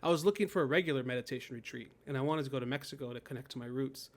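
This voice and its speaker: A man's voice: mid-range voice, very fast. Man, 30s, podcast guest; casual storyteller who laughs easily and acts out his inner voice. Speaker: guest, poet and death doula. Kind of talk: casual interview conversation.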